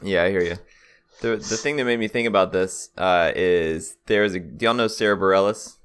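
A young man with a very deep voice chats on a podcast. He tells stories in a loose, easygoing way and laughs often. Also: normal speed, fairly bright tone, clean tone. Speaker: podcast co-host. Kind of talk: casual chat.

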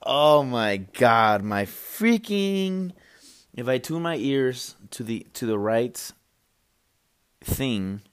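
A young man hosting a solo podcast, rambling and joking with lots of fillers and restarts. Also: lowish voice. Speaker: podcast host. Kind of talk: solo casual chat. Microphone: podcast microphone.

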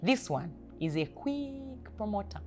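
A woman's voice: medium pitch, very animated, a little slow, faint music behind. A woman hosting a faith podcast, exhorting listeners with short, emphatic commands about attitude at work. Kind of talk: motivational faith talk.

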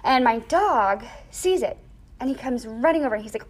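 A young woman in a casual interview, telling a personal story with lively acted-out quotes and lots of "like". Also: fairly high pitch, normal speed, slightly rough. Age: young adult. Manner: animated storyteller, acts out quoted voices; frequent "like" fillers.

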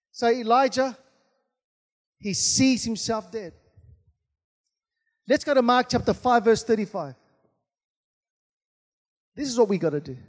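A man's voice: high-pitched, darkish tone. A man preaching a sermon as pastor, punctuating his points with calls of amen and hallelujah. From Australia. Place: large church hall. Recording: long hall reverb.

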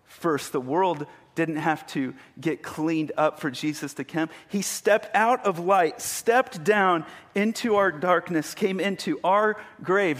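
A man's voice: on the high side, fairly bright tone. A man preaching a sermon, retelling a story vividly and building to emphatic peaks. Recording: long hall reverb.

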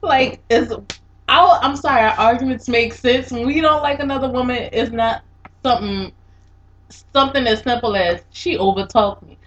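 Woman cohost, a bit high, mocking and laughing, dull lo-fi audio with faint hiss. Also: normal speed, a bit bright. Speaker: podcast co-host. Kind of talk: casual chat. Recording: dull lo-fi sound with faint noise.

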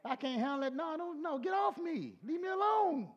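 A preacher mimicking a young wife fending off her husband, in a high, fussy, protesting voice. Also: very animated, moderate pace, lo-fi sound.

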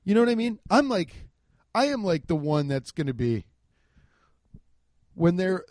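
A man doing a casual comedic rant, profane and excitable, acting out the voices of people he quotes, on a handheld mic. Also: high voice, measured pace, no echo. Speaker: stand-up comedian. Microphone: handheld microphone.

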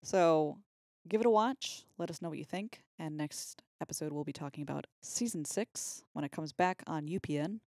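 A woman co-hosts a casual podcast in a lowish voice. She is playful and chatty as she wraps up the episode. The recording is close and dry. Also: moderate pace, warm tone, no echo. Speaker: podcast co-host. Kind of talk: casual chat.

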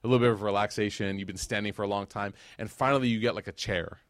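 Animated man giving a casual lecture. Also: lowish voice, quick pace, no room sound, clean studio sound. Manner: conversational, animated, slangy asides. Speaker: Islamic lecturer.

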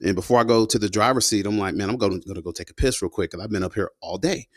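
A man's voice: on the low side, rapid-fire, dry recording, studio quality. A man, a combat veteran, telling his story in a loose, slangy way, full of "you know" and "man". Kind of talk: casual spoken storytelling.

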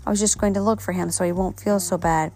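A woman reading aloud and voicing an earnest, kind young male beaver in a children's storybook, pitched a little above her own voice. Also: fairly even intonation, fast talker, mellow, faint music behind, close to an everyday voice. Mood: pleading.

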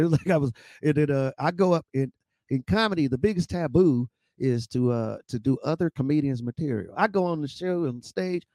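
A middle-aged man, a stand-up comedian, telling stories with lively impressions and laughter in a casual interview. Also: dry recording. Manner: acts out voices with high-pitched impressions and laughs. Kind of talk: animated storytelling.

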